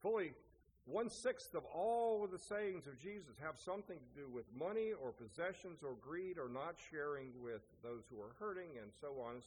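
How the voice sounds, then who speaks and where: Pastor guy telling a story in a sermon, long echoey reverb, faint hiss. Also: a little high. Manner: storytelling, rhetorical questions. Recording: echoey hall, faint noise.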